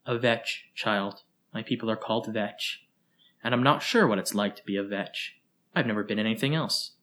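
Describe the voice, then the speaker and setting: A courteous tentacled alien, speaking with careful, measured formality, as a male narrator reads him. His voice stays even and low-key throughout, in the manner of a storybook. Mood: patient.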